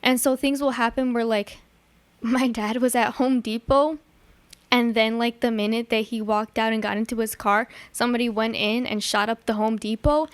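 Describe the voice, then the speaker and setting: A young woman from the Chicago area, with a fairly high, smooth voice and fairly even intonation, speaks at normal speed with no echo. As a podcast guest she tells stories in a casual, chatty way, full of likes and ums, acting out her dad's lines.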